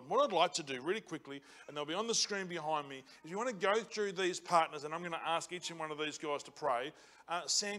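A man preaching a sermon as pastor in a church, passionate and building to loud emphatic repetition. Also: a little high. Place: church auditorium.

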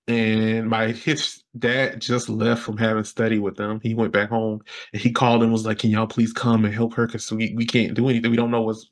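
A man as a podcast guest telling a personal story in casual interview talk, rambling with fillers and jumping high in pitch when he quotes others. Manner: animated, jumps high when quoting others.

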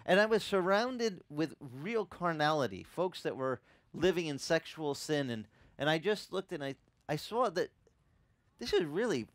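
A man preaching a sermon as a pastor, telling a personal story conversationally and growing louder and higher when impassioned. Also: no room sound. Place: church ministry in Hawaii.

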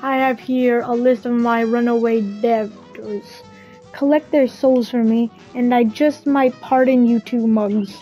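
A woman reading as a booming devil. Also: steady tone, measured pace, highs cut off, soft background music, lightly acted. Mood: menacing. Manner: booming, menacing threats. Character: scheming male devil casino owner.

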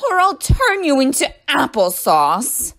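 A woman reading aloud, voicing a mean, magic-wielding female teacher who shrieks and shouts. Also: huge pitch swings, slow, full character voice. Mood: furious. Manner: shrill, shouting.

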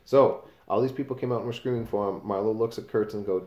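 A male teacher with a fairly low, soft-edged voice walks through a novel in a relaxed, explanatory way, stopping to read passages aloud. The sound carries a roomy echo around him. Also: quick pace, few pauses. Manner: casual explanatory, reads quotes aloud with page numbers.

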